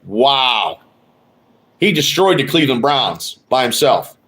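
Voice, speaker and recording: A man's voice: medium pitch, very animated, slow, bright, forceful tone. Guy rambling on a live sports stream, swears a lot, trash talks, regular mid voice. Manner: rambling, profane, trash-talking. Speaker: podcast host. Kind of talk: casual live-stream chat.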